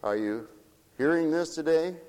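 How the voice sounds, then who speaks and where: Animated, laughing preacher man in a hall. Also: a little high, unhurried, clean tone. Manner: playful, laughing, swings from loud to hushed. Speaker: pastor. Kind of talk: sermon.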